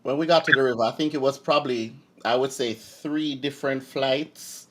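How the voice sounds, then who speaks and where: A man's voice: mid-range voice, fairly even intonation, normal speed, a bit bright, slight background noise. A man co-hosting, telling a travel story in a playful, teasing way and laughing often. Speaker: co-host. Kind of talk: casual storytelling while watching clips.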